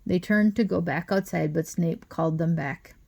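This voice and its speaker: A woman reading a children's novel aloud as an audiobook narrator, with steady, expressive reading. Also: fairly low pitch, normal speed, vocal fry. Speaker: audiobook reader. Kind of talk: storybook narration.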